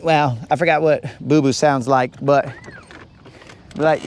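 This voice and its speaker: Guy on a bass boat livestream, slow easy talk, kinda higher voice, teasing jokes. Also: steady tone, a little hiss or hum. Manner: teasing, joking banter. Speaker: fishing vlogger. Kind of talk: casual live-stream chat. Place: boat on a lake.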